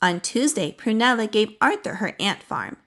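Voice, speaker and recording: A woman reading a children's storybook aloud in a cheerful, expressive way, then signing off to young viewers. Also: mid-range voice, normal speed. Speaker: children's book reader.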